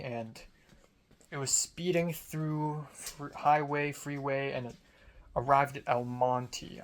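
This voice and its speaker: A young man from Hong Kong recounts a story in a loose, rambling style. His voice sits at a mid pitch, and he jokes about himself and swears casually as he talks.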